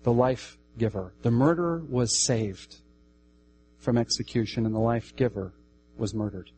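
A man preaching a sermon emphatically, repeating key phrases and swinging between raised, high-pitched declarations and quiet, lower passages. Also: unhurried, a little hiss or hum, low-quality recording.

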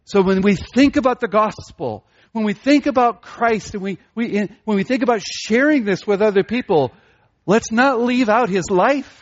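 A man preaching a sermon with emphatic delivery, repeating key phrases and rising in pitch to stress a point. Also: normal speed. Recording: dull lo-fi recording.

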